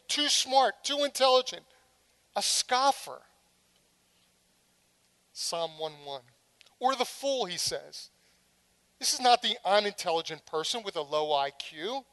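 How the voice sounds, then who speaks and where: Animated middle-aged woman preaching a sermon. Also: on the high side. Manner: animated, dramatic storytelling with humorous asides.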